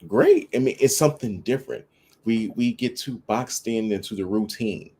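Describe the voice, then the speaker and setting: Man co-host, lower voice, relaxed slangy storyteller in casual dating chat. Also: normal speed, breathy edge. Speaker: podcast co-host.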